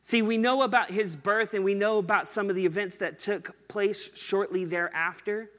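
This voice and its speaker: A man preaching a sermon in a casual, conversational way, slowing down and stretching words to stress them. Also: sits high, steady tone, fairly bright tone, long reverb tail. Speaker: pastor.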